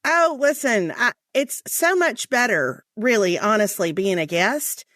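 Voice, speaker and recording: A woman's voice: fairly high pitch, animated, unhurried, a bit bright, dry recording, clean studio sound. A woman in her forties with a Southern American accent from Mississippi, chatting as a guest on an interview podcast, laughing easily and drawing out her phrases. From Mississippi, USA. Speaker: guest author.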